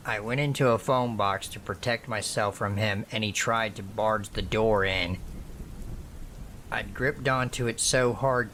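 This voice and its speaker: A man slowly and soberly reading a true scary story aloud as the channel's narrator. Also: medium pitch, fairly bright tone, a little hiss or hum. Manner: slow, measured, somber reading.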